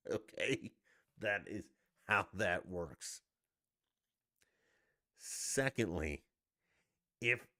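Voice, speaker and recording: A man's voice: fairly low pitch, no echo, clean studio sound. A man on a live stream, ranting heatedly with heavy profanity about his sports team. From Denver.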